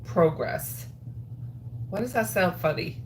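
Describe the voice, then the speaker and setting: A woman's voice: on the low side, lively intonation, takes it slowly, fairly bright tone, a little hiss or hum. A woman with a stuffed-up nose, hosting a crochet livestream in a rambling, chatty way full of ums. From Atlantic Canada. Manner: rambling, chatty, with frequent ums and trailing sos. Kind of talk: casual livestream chat while crocheting.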